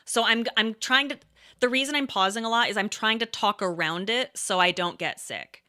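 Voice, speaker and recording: A woman in her thirties casually telling a rambling story, pausing and restarting often and breaking into laughs. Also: a little high, bright, forceful tone. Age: 30s. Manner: hesitant, rambling, laughing often, quotes herself and others.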